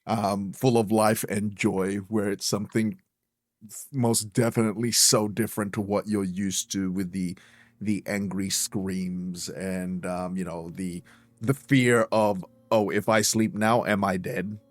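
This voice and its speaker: A man's voice: on the low side, steady tone, unhurried, no echo. A man narrating as game master of a tabletop game, hesitant and full of fillers.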